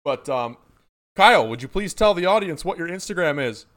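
Excitable, swearing young male host. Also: a little high, fairly quick. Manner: profane, joking, excitable. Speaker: podcast host. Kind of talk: casual live-stream chat.

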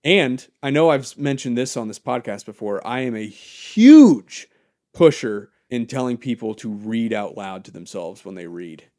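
A man talking casually on a podcast, rambling through stories in a mid-pitched voice. He gets animated and swears freely. The mic is close and the sound is dry. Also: moderate pace, dry recording. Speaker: podcast co-host.

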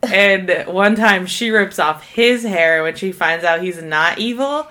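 A woman's voice: mid-range voice, lively intonation, slow, bright, forceful tone. A woman co-hosting a podcast, chatting casually and swearing now and then. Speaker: podcast co-host. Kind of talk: casual chat.

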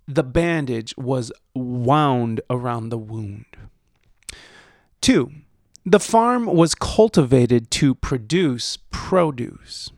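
Slow, gravelly-voiced man teaching English. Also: mid-range voice, dry recording, studio quality. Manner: slow, deliberate, reads example sentences aloud. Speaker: host. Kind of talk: podcast-style English lesson.

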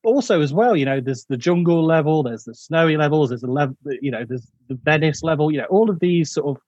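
Guy rambling on about a movie, slightly high voice, dry close sound. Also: animated, quick pace, darkish tone, dry recording, dull audio. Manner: rambling, many fillers and restarts, laughs often. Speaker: podcast co-host. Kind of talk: casual film chat.

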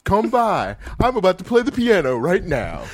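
A man voicing a camp, prim older man in drag, with a put-on accent and a slow drawl. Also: high voice, huge pitch swings, no echo, pitched above the performer's own voice, full character voice. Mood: sassy.

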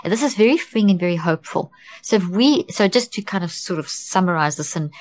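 Middle-aged woman, lowish voice, earnest guest expert, conversational with frequent restarts. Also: lively intonation, fairly quick. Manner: earnest, restarts often, acts out quoted thoughts. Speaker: guest expert on mental health. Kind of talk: conversational explanation in an interview.

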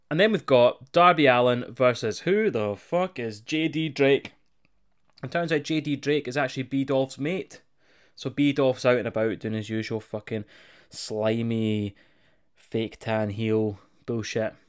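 A man co-hosting a casual wrestling chat, swearing a lot and getting animated, sometimes mimicking voices. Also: medium pitch. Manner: sweary, animated, jokey, does mocking voices. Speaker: wrestling podcast co-host.

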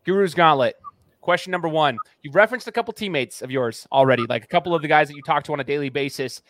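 Talkative podcast host guy, a bit high-pitched, really dry room sound. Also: racing, dry recording. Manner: chatty and animated. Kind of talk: casual interview talk.

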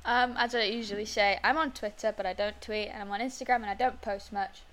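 A woman's voice: medium pitch, steady tone, brisk, fairly bright tone. Dry self-deprecating woman on a podcast. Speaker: podcast co-host. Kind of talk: casual chat.

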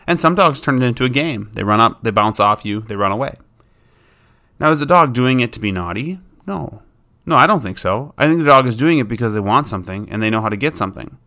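A man's voice: medium pitch, expressive, fast talker, pushed and bright. A man talking casually as a dog trainer, explaining dog behavior in an informal, plain-spoken way. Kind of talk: casual instructional talk.

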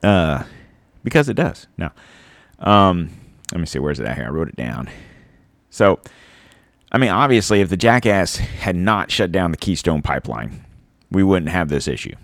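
A man's voice: low-pitched, sing-song, moderate pace, pauses often, a bit bright, dry recording, clean studio sound. A man giving a rambling, sarcastic opinion monologue, swearing and laughing at his own points.

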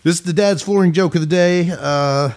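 A man's voice: a little high, moderate pace, noisy background. A man co-hosting a casual talk show, telling a long joke animatedly with stutters and restarts. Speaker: podcast co-host.

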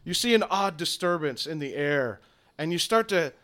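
Game master, male, slightly high voice, loose descriptive narration. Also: animated, normal speed, fairly bright tone.

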